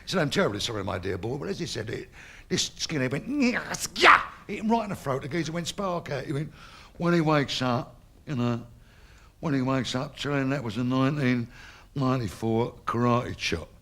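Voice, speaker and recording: A Cockney stand-up comedian tells crude, bawdy jokes in a boisterous manner, laughing at his own material. He speaks at a moderate pace in a mid-range voice.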